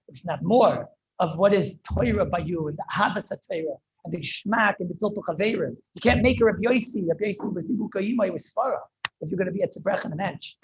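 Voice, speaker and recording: A man, a rabbi, giving an impassioned Torah lecture over a video call, often halting and repeating words as he searches for them. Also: sits high, vocal fry, husky, poor audio. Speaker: rabbi teaching a class.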